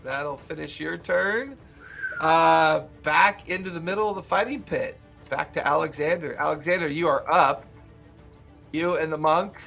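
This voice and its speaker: A young man narrating a tabletop game as game master, animated and laughing, with lots of "like" fillers. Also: fairly high pitch, unhurried, vocal fry, faint music behind.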